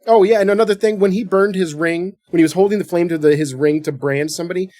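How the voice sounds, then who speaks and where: Guy cohosting a movie podcast, cracking jokes and cussing, kinda high voice. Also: fairly even intonation, fast, a little mellow, no echo, studio quality. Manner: jokey, swears freely, acts out lines. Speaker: podcast co-host. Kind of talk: casual movie chat.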